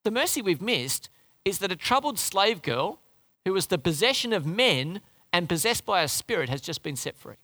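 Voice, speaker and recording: A man preaching a sermon in an animated, conversational way, often restarting his phrases. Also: high-pitched, normal speed.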